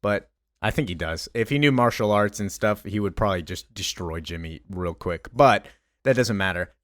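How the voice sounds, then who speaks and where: Low-voiced man recapping comics casually. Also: dry recording, studio quality. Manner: rambling, filler-heavy retelling with offhand character impressions. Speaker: comic book recap host.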